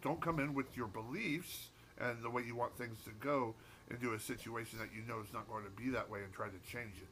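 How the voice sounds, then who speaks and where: A man's voice: mid-range voice, fairly even intonation, fairly quick, hardly any pauses, fairly bright tone. A man co-hosting a podcast in casual chat, rambling through stories with restarts and swearing. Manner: rambling, hesitant, profane. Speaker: podcast co-host.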